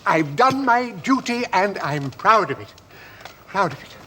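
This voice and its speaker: A man's voice: high voice, big pitch swings, a little slow, sharp tone, full character voice. An actor playing an earnest, formal man who speaks with pompous solemnity about duty, in a 1970s television play. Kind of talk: 1970s television drama acting. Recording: old television sound with faint hiss.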